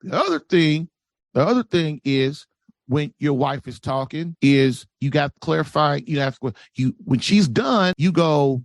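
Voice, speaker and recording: A man giving relationship advice as a podcast guest, preachy and animated, acting out quoted voices. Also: on the high side, measured pace, vocal fry, no room sound.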